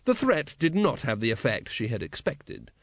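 A male narrator reading fiction in a measured, expressive way, at a middling pitch. The recording is close and dry, with no room sound behind him. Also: no echo. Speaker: audiobook narrator. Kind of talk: scripted narration.

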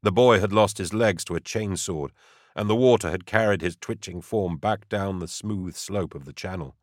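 Male audiobook narrator, low voice, dry close sound, steady dramatic reading. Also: moderate pace, no room sound.

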